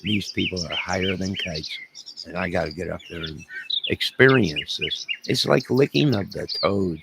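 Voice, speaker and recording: A man's voice: low-pitched, moderate pace, creaky. A man hosting a livestream, telling a rambling, jokey, folksy comedic rant outdoors. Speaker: livestream host. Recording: noisy outdoor audio with birdsong.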